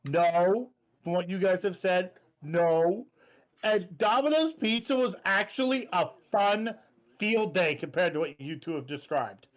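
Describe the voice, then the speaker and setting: A man co-hosting a podcast, talking in an earnest, measured way in casual chat. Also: sits high. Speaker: podcast co-host. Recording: dull lo-fi mic.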